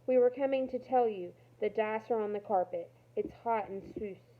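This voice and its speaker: A woman's voice: fairly high pitch, moderate pace, natural voice. Woman reader doing a pleading teenage resistance girl, earnest, on a tinny phone-like line.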